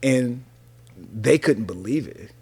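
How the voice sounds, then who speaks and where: Animated storytelling man from North Carolina. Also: medium pitch, slow, breathy edge. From North Carolina, USA. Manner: animated, laughing storyteller using casual slang. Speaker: radio DJ, interview guest. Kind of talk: casual interview storytelling.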